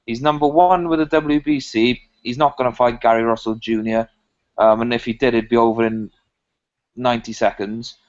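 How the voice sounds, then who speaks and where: Measured man reasoning with ums. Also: mid-range voice, steady tone. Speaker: podcast co-host. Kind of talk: casual chat. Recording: dull lo-fi podcast audio.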